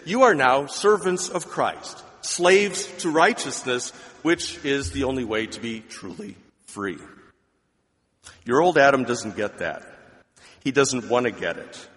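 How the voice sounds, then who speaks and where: A man's voice: medium pitch, expressive, measured pace. Emphatic male preacher in a reverberant hall. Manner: emphatic, dramatic swings between loud declarations and quiet asides. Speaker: pastor. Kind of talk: sermon.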